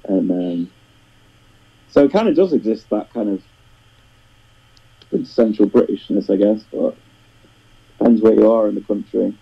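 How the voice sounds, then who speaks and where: A chatty man with a Northern English accent, his voice sitting fairly low. He wanders through the conversation in a relaxed, friendly way. The audio sounds dull and lo-fi. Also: moderate pace, gravelly, long pauses, slightly rough. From northern England. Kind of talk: casual chat.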